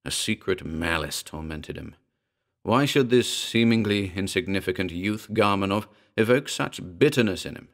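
Low-voiced man narrating a horror story. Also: expressive, normal speed, vocal fry, fairly bright tone.

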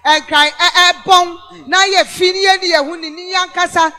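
A male host from Ghana giving animated news commentary, emphatic and repetitive, often rising to shouts for stress. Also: very high voice, moderate pace, faint music behind. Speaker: radio-TV news review host.

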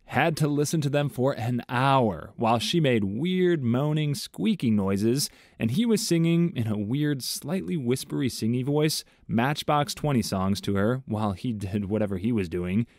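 A man reading online stories aloud in a measured, even tone, adding his own commentary between them. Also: medium pitch, no echo, clean studio sound. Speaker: story narrator.

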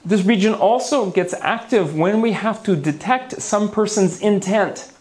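His voice is high-pitched and darkish, and he speaks a little slowly. The man, a neuroscience lecturer, presents a conference lecture on the brain in a hall before an audience, hamming it up playfully with gasps, asides and small jokes.

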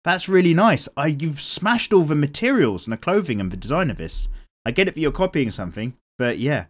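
A man's voice: a little high, big pitch swings, fairly quick. A young British man hosting a drawing show, reading out viewer comments in a rambling, casual way, swearing freely and laughing often. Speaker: art channel host.

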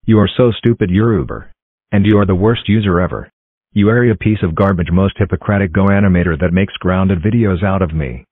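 A deep computer male voice playing a bratty bald boy who hurls flat, robotic insults. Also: brisk, no room sound. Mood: taunting. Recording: tinny phone-like dry sound.

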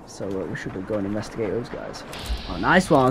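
Chatty young man, lively pitch. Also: brisk, noisy background. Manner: chatty slangy banter, excitable bursts. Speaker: gameplay commentator. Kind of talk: casual let's-play commentary.

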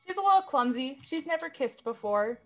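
A woman player at a tabletop game, slightly high-pitched and matter-of-fact. Faint music sits under her voice. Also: animated, brisk. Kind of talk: role-playing at a game table.

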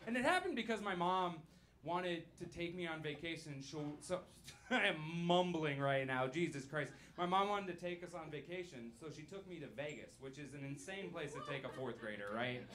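A young man with a slightly high voice works through a stand-up set, loose and rambling, dropping swear words and laughing at his own lines. He speaks into a handheld mic on a club stage. The live recording carries clear background noise from the room. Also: animated, a little fast, a bit bright. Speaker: stand-up comedian.

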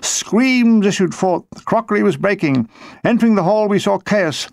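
A man's voice: high-pitched, expressive, normal speed, gravelly, dry recording. Dry comic male narrator. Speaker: author reading his memoir. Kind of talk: audiobook narration.

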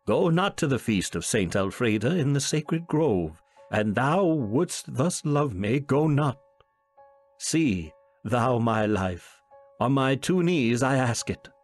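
A man's voice: medium pitch, very animated, slow pace, faint music behind. A man voicing a fearful young huntsman, earnest and pleading in archaic speech.

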